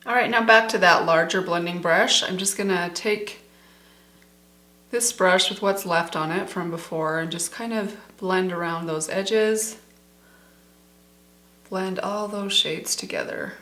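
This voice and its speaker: A woman's voice: fairly low pitch, measured pace, fairly bright tone. Chatty woman beauty vlogger, echoey room. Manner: chatty, enthusiastic, addresses viewers as "you guys". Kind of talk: casual makeup tutorial chat.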